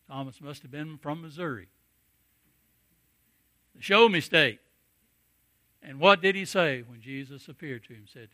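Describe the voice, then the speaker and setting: A middle-aged man preaching a sermon, telling stories and swinging from hushed asides to booming emphasis. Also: moderate pace, long pauses, dry recording.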